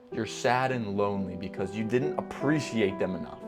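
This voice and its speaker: A young man hosting a casual reaction video, animated and easily worked up, swinging between loud and soft. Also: fairly low pitch, normal speed, over music. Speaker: video host.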